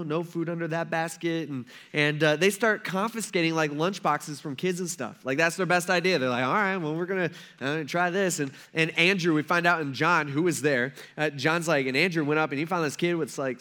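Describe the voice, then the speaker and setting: A young man preaches in a loose, conversational way, jumping between narration and playful impressions of the people in his story. His voice sits a touch higher than most men's and swings up and down with energy. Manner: animated, acts out characters in a joking modern voice. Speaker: pastor. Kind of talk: casual sermon storytelling.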